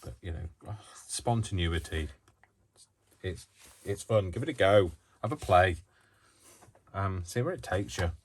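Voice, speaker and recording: A man's voice: sits low, lively intonation, measured pace, pauses often, breathy edge. A man hosting a crafting tutorial, chatting in a rambling way full of self-mocking asides. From United Kingdom. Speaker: crafting channel host. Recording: loud noise from a faulty microphone.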